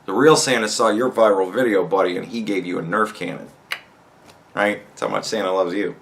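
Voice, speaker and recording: A man's voice: lowish voice, brisk, vocal fry, a bit bright. A man hosting a podcast, delivering an angry, mocking political rant full of swearing. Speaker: podcast host. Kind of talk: profane political commentary rant.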